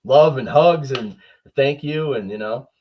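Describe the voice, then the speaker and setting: A man's voice: mid-range voice, measured pace, highs cut off, a little hiss or hum. A man, a firefighter and art teacher, telling an earnest, heartfelt story as a guest in casual chat. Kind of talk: casual video-call chat.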